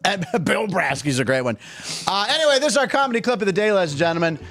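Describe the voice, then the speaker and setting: A man's voice: high-pitched, fast talker. A man hosting a sports talk show in a casual, joking way. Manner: jokey, animated, goofs with accents. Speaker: host.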